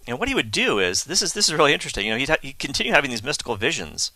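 A man's voice: medium pitch, sing-song, racing, bright, forceful tone, no room sound. A man telling the life of a saint in a chatty, enthusiastic way, with asides and fillers. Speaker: Catholic speaker telling a saint's story. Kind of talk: casual storytelling talk.

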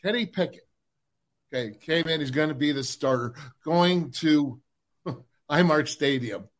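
A man's voice: on the high side, measured pace. A man hosting a sports podcast in casual chat, prompting the others to tell their stories. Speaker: podcast host.

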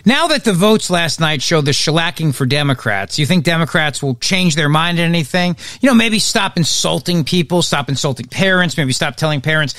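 A podcast host delivers political commentary in a voice on the high side, very animated and slightly raised, at normal speed with few pauses. His fairly bright tone drips with sarcasm and mockery, and the sound is dry and close, with no room sound.

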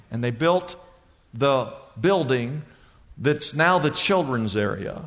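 A man preaching a sermon as pastor, telling a story with lively delivery and acting out the people he quotes. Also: medium pitch, unhurried, big-room sound. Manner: animated storytelling, voicing other people in anecdotes.

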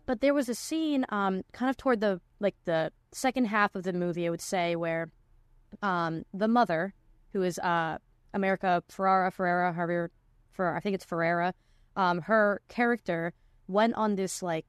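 A young woman hosting a relaxed podcast conversation, her speech full of likes, restarts and quick laughs. The sound is close and dry with no room at all. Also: on the low side, clear, resonant tone, no room sound. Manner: chatty, many likes and restarts, laughs often. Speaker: podcast host. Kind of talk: casual chat.

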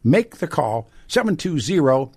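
A man's voice: a little high, sing-song, a little slow, a little mellow, husky. An older man hosting a talk radio show, reading ads and ranting bluntly with rhetorical questions. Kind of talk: talk radio monologue and ad read.

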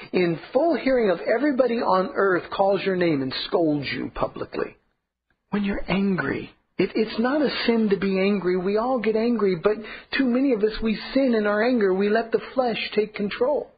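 A man's voice: sits high, normal speed, highs cut off, a little hiss or hum. A man preaching a sermon as pastor, earnest and emphatic, repeating key points.

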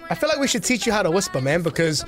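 Teasing, high-voiced radio host. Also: male voice, sing-song, rapid-fire, loud music behind the voice. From New Zealand. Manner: laughing, teasing, filler-heavy. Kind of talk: casual radio banter.

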